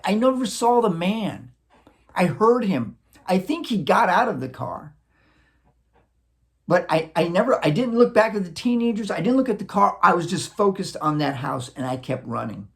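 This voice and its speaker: A man from Wisconsin tells a childhood story in a relaxed, casual way. His voice is gravelly and swings up and down a lot as he acts out sound effects and chuckles between lines. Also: sits high. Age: adult, looking back on childhood. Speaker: vlogger.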